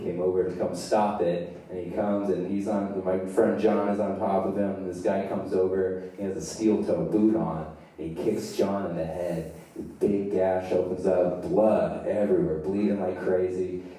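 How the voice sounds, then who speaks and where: A man's voice: deep voice, flat delivery, normal speed, warm tone. A young adult man doing live stand-up storytelling, loose and profane, laughing at his own tale on a theater stage. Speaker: stand-up comedian. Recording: echoey theater from far off.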